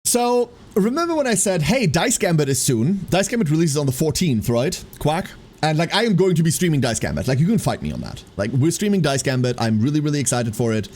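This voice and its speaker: Male streamer, rambling live-stream chat, voice sitting a touch high and swinging widely. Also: brisk. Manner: animated, rambling, tacks a running 'quack' onto lines.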